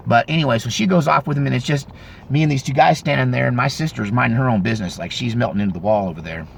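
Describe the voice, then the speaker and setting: A man in his fifties telling a story casually, in a rambling, animated way with frequent self-corrections. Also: medium pitch, rapid-fire, creaky, slight background noise. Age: 50s. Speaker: vlogger.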